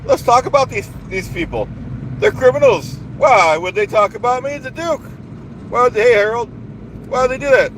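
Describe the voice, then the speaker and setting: A high-voiced man rants on a live stream, boastful and indignant, circling back to the same complaints again and again. Steady noise from outdoors and passing vehicles sits under his voice. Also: a little fast, low-quality recording. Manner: boastful, indignant, repeats himself.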